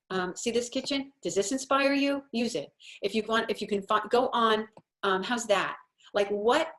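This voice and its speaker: A woman's voice: mid-range voice, fairly bright tone. A woman home-organizing coach giving a chatty, encouraging talk while sharing her screen. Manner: chatty and encouraging, acts out little quoted voices.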